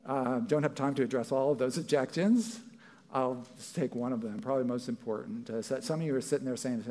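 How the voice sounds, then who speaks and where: A man's voice: medium pitch, expressive, normal speed, darkish tone. A male pastor preaching a sermon in a church, talking conversationally and acting out what people might say. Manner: conversational, acts out quoted voices.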